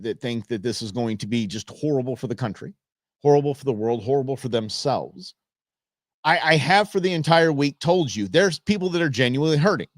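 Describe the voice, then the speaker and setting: A man's voice: medium pitch, no room sound, clean studio sound. A middle-aged man hosting a live talk stream, rambling through his points with many fillers and restarts. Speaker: show host.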